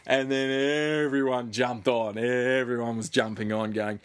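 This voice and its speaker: A man's voice: medium pitch, little pitch movement, a little slow, few pauses. A young Australian man on a podcast, telling a story with lots of laughs and swearing. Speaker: podcast co-host. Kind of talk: casual chat.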